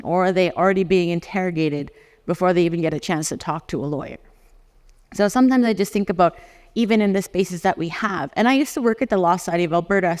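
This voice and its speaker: A lawyer in their forties from Canada, giving a conference talk and acting out the dialogue in personal stories. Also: medium pitch. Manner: animated storyteller who acts out dialogues and often laughs. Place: conference hall. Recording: long hall reverb.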